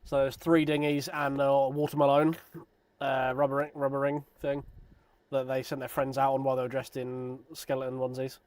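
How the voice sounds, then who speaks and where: Man in his thirties, sim racing streamer, loose self-deprecating chatter, mid-pitched voice. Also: monotone, moderate pace, darkish tone. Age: 30s. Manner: rambling, self-deprecating, joking. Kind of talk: casual live stream chat.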